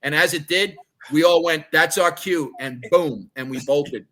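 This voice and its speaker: A middle-aged man hosting a podcast, spinning old stories in an animated, rambling way over a video call. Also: a little high, normal speed. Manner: animated raconteur, many restarts. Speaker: podcast host. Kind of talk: casual storytelling.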